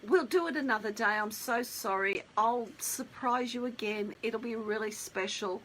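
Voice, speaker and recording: A woman's voice: a little high, moderate pace, a bit bright, a little hiss or hum, close to an everyday voice, rough recording. A woman voicing a young man who keeps apologizing to his girlfriend in a pleading way. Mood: apologetic.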